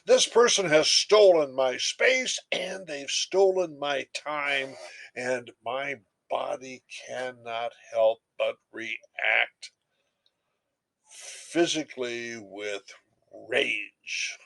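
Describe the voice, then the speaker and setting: A man's voice: mid-range voice, very slow, creaky, a bit bright. A man giving a recorded lecture, telling everyday stories in an emphatic, storytelling way.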